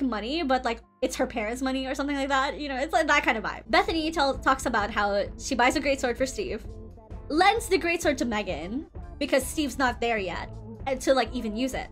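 A woman's voice: high-pitched, fairly bright tone. A woman VTuber from the Philippines telling a rambling, swearing story with lots of fillers and self-corrections. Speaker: VTuber streamer. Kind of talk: casual storytelling.

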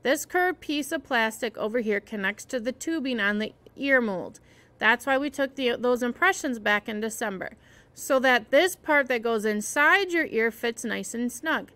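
A man's voice: extremely high pitch, lively intonation, moderate pace, pushed and bright, smooth, full character voice. A woman voicing a friendly, joking male ear doctor who reassures a young patient. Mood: reassuring. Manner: easygoing, reassuring.

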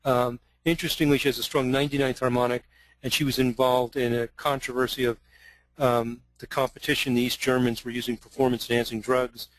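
A man's voice: medium pitch, little pitch movement, fairly quick, no room sound, low-quality recording. An older man from Long Island, New York, giving an earnest, digressive webinar lecture with frequent fillers, recorded close to a computer mic. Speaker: astrology lecturer.

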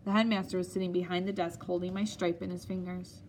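A woman narrating an audiobook in a steady, measured storytelling manner. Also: on the low side, a little hiss or hum.

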